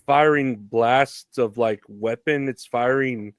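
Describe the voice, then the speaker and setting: A man's voice: mid-range voice, slow pace, no room sound. A man in his thirties co-hosting a podcast, casually recapping in a laid-back, loose way. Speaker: podcast co-host.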